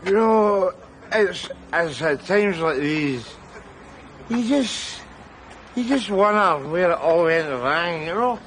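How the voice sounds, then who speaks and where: A man's voice: high-pitched, lively intonation, takes it slowly, fairly bright tone, slight background noise, exaggerated voice. A Glaswegian actor playing a bitter, rambling unemployed man in a sitcom, with studio audience laughter. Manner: rambling, boisterous, drunken. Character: boozy unemployed Glasgow man, bitter, gabby. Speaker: sitcom character.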